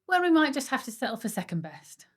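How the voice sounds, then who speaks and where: A woman's voice: high voice, sing-song, fast talker, breathy edge. A woman from Stoke-on-Trent, co-hosting a casual podcast in a chatty, explanatory way with a psychology-minded angle. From Stoke-on-Trent, England. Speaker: podcast co-host. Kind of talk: casual chat.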